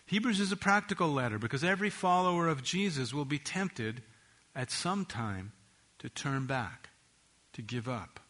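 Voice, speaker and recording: Man, sermon, earnest and measured, bright clear tone, slows for emphasis. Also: fairly high pitch, lively intonation. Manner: earnest, measured preaching with slowed emphasis on key phrases. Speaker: preacher.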